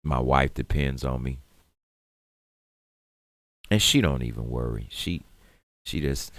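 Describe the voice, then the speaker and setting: Detroit guy on talk radio, real deep voice, dry mic, gets loud and fired up, slangy. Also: slow, pauses often, dry recording. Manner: animated, rising to loud emphatic rants; streetwise slang, laughs through hard talk. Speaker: radio show co-host. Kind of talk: casual talk radio monologue.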